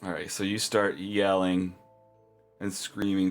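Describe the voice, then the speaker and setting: Relaxed man running a game. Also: low-pitched, measured pace, faint music behind. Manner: relaxed, laughs often. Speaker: game master. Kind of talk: narrating a tabletop game.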